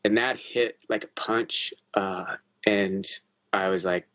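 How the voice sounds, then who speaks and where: A man with a low-pitched voice speaks as a podcast guest. He tells a personal story candidly and earnestly. He swears freely and doesn't hold back. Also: fairly even intonation, takes it slowly, fairly bright tone.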